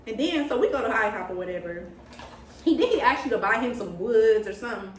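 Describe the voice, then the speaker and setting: Animated young woman telling a story in an echoey room. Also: on the high side, fast talker, slight background noise. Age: young adult. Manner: animated, dramatic retelling with gasps and quoted lines. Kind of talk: casual storytime chat. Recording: echoey room, mic at a distance.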